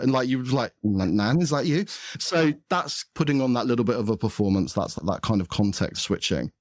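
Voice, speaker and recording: A man's voice: low voice, a little mellow, no echo, clean studio sound. A man, a podcast guest explaining his views in a thoughtful, conversational way. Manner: thoughtful, explanatory, with occasional laughs. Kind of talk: conversational interview.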